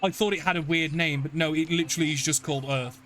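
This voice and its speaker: A man's voice: on the high side, steady tone, brisk, a bit bright. A man narrating as dungeon master in a tabletop game, rambling with many fillers and restarts. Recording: faint background noise.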